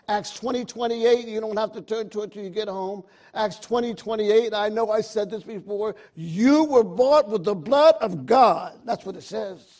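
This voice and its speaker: A man preaching a sermon, calling out to his congregation and rising into loud, emphatic bursts. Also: high-pitched.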